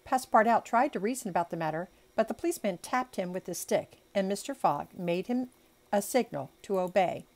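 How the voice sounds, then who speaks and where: A woman's voice: medium pitch, animated, fairly quick, darkish tone. Chatty woman reading an audiobook. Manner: chatty asides and stumbles over words. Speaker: audiobook reader. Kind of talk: amateur audiobook narration.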